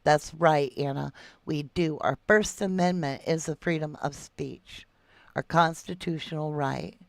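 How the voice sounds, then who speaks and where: A middle-aged woman with a drawl talks in a low, gravelly voice. She reads viewer comments aloud on a livestream and answers them with folksy endearments. The mic is close and dry. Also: fairly even intonation, unhurried, no room sound. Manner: chatty, calls viewers love and sweetheart. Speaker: true crime livestream host. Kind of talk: casual livestream chat reading viewer comments.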